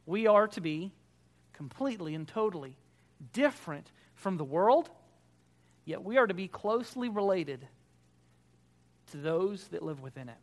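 A man, a Baptist pastor preaching a sermon, emphatic and swinging between loud declarations and quiet, soft prayer. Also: high voice, expressive, normal speed, long pauses.

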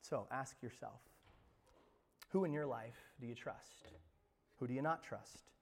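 A male pastor preaching a sermon, animated, swinging between loud emphasis and hushed asides. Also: medium pitch, unhurried, long reverb tail.

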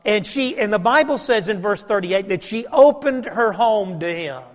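A man preaching a sermon, telling folksy stories and dropping his voice low for emphasis. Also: animated, normal speed, big-room sound. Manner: folksy storytelling preacher, varies volume for emphasis. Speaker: pastor.

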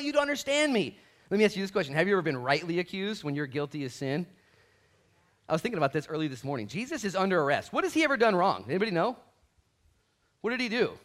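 A man preaching a sermon as a pastor, telling stories and acting out the quoted voices in them, moving from quiet asides to loud, emphatic bursts. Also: a little high. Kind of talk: storytelling sermon.

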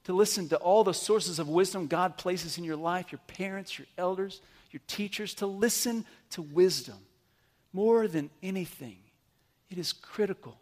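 A man with a high-pitched voice preaches to a congregation. His delivery is animated, swinging from loud emphatic bursts to soft, low asides. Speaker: pastor. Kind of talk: sermon.

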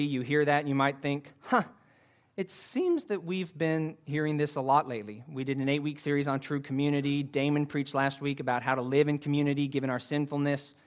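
A man preaching a sermon to his congregation, earnest and careful, with frequent fillers. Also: mid-range voice. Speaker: pastor.

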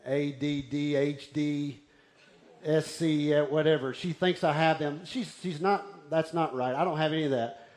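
A man preaching a sermon in a slightly high voice. He tells stories with animated energy, then sinks into soft, near-whispered lines. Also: normal speed. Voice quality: bald-headed preacher, restless and wired up. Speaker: pastor.

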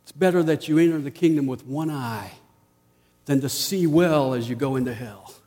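A man preaching a sermon as pastor, rising to emphatic peaks and dropping to quiet asides. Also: mid-range voice, moderate pace, in a large hall.

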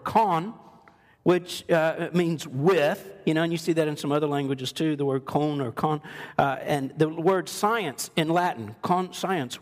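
High-voiced man preaching in a hall. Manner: conversational, joking, acts out quoted voices. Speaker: pastor. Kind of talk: sermon. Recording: long reverb of a large hall.

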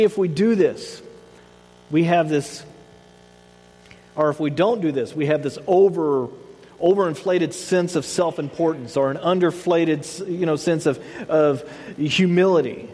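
A man in his thirties preaching a sermon, telling lively stories and acting out the voices of the people in them. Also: a little high, unhurried, slightly rough, long reverb tail, poor audio. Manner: animated storytelling, acts out voices of his son. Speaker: pastor.

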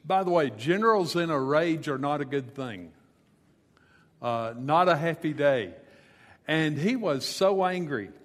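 Man, pastor, sermon, unhurried delivery, slightly high voice, conversational storytelling. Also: expressive, fairly bright tone, in a large hall.

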